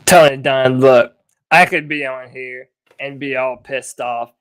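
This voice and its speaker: A man's voice: medium pitch, fairly even intonation, unhurried, a bit bright, clear, resonant tone. A man co-hosting a sports podcast, fired up and giving a pep talk. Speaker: podcast co-host.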